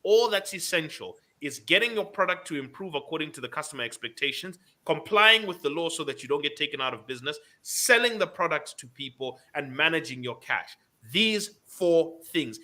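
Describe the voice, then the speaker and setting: Man, radio host, emphatic business talk, very bright voice, a bit high. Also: expressive, moderate pace, few pauses. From Zambia. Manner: emphatic, repeats points, laughs.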